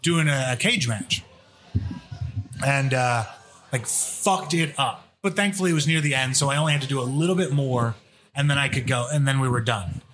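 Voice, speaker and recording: A man's voice: medium pitch, moderate pace, a bit bright. A man, a professional wrestler, telling rambling, profanity-laced stories as a podcast guest. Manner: profane, rambling, laid-back storyteller. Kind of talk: casual podcast storytelling.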